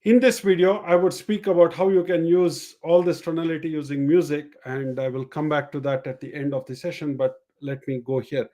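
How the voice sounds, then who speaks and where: A man with a somewhat high-pitched voice runs a live-streamed coaching session. He explains step by step, repeats his main points and demonstrates each way of speaking. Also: steady tone, brisk, few pauses, warm tone. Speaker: sales and communication coach.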